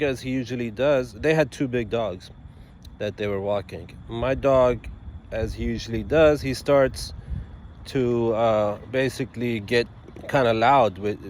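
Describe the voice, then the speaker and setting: A man's voice: mid-range voice, a little slow, slight background noise. Man telling a rambling story outdoors. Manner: animated, rambling storytelling with frequent restarts. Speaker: attorney and vlogger telling a story. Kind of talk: casual storytelling to camera.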